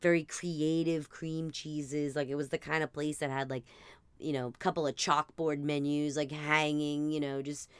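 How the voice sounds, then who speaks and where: A woman with a New Jersey accent tells comic stories in a rambling, animated, self-mocking way. Her voice sits low and sounds very clear and smooth. The recording is close and dry. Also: normal speed, no room sound. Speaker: podcast host. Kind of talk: comedic storytelling monologue.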